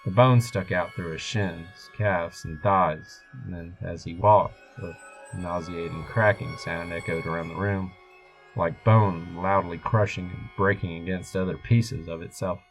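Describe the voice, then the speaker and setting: A man narrating a first-person horror story in a steady, measured way. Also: low-pitched, low-quality recording. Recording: music bed behind voice.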